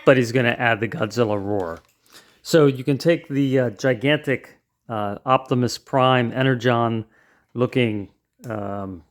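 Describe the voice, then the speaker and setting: A man's voice: mid-range voice, fairly bright tone. A man hosting a casual toy review, chatting and explaining the features step by step as he handles the toy.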